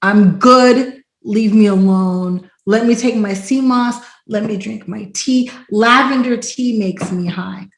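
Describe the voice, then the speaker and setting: A woman hosting a podcast in casual chat, telling stories in an animated way and acting out quotes loudly. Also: mid-range voice, slow, hardly any pauses. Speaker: podcast host. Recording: roomy echo.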